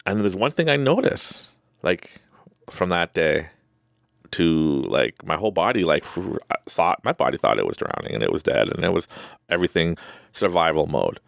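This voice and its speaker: Deep gravelly man telling a story. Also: normal speed, no room sound, clean studio sound. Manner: animated, acts out his own reactions, laughs often. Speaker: podcast host. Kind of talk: casual storytelling.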